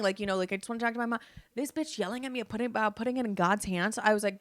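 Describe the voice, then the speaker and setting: A woman in her twenties hosting a podcast, casually telling candid stories with frequent swearing and animated retellings. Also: a little high, rapid-fire, dry recording. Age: 20s. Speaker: podcast host. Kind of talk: casual storytelling chat.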